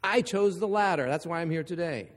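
A man from Ohio preaching a sermon, emphatic and building to forceful repeated lines. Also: fairly high pitch, fairly quick, big-room sound.

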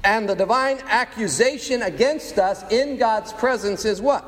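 A man with a strikingly high voice preaching a sermon. He uses slow, weighty pauses and rhetorical questions. His voice carries a long reverb, as in a big hall. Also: expressive. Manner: dramatic preaching, rhetorical questions, sound effects. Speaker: pastor.

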